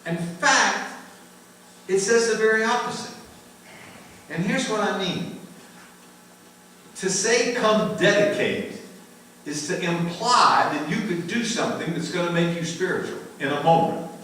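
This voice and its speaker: An older American man teaching a church Q&A, lively and emphatic, laughing often and repeating words for emphasis. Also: high-pitched, measured pace, long pauses, slight background noise. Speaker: pastor teaching a Q&A. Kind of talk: conversational Bible teaching. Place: church sanctuary. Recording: very echoey room, mic far off.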